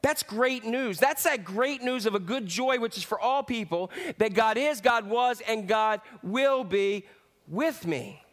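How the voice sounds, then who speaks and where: A pastor preaching with a fairly high, animated voice. He calls out to the congregation, then drops to quiet, reflective moments as he talks through scripture. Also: unhurried. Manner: lively preaching with swings from loud to hushed. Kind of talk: sermon.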